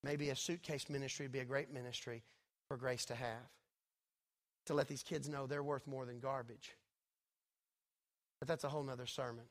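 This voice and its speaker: A man preaching a sermon in a church, swelling loud and high, then dropping soft and intimate. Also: fairly even intonation, moderate pace, pauses often. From Texas. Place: church sanctuary.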